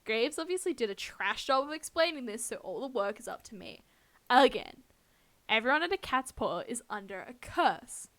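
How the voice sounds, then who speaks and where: A woman's voice: fairly high pitch, animated, normal speed, fairly bright tone. Woman reading as a smug cocky cat-man. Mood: smug teasing. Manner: teasing, self-satisfied.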